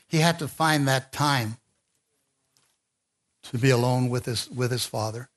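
A man's voice: mid-range voice, fairly even intonation, measured pace, long pauses, fairly bright tone. A man preaching a conversational sermon and speaking informally, with fillers and restarts.

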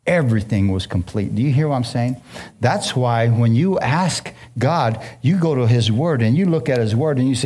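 A man's voice: medium pitch, lively intonation, moderate pace, a little mellow, a little hiss or hum. A man preaching a sermon as pastor, telling stories and putting questions to his audience.

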